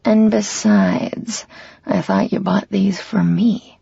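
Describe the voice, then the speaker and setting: A woman's voice: mid-range voice, big pitch swings, takes it slowly, vocal fry, husky, no echo, dull audio, exaggerated voice. Woman whispering as a teasing young male lover. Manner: murmured, hushed, teasing.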